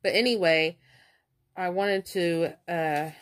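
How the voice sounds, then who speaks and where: A woman chatting excitedly in a casual vlog, stuttering now and then as she leafs through coupon inserts. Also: lowish voice, unhurried. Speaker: couponing vlogger. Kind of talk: casual show-and-tell vlog.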